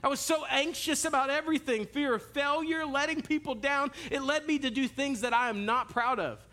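Animated preacher man with a high bright voice. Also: brisk. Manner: animated, storytelling, direct to the congregation. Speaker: pastor. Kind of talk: sermon.

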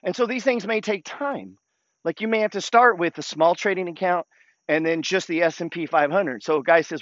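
A man with a high-pitched voice talks about investing in a blunt, coach-like way, swearing freely and pushing listeners to act. The sound is dull and dry, with no room echo. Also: normal speed, fairly bright tone. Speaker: host. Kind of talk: casual investing talk.

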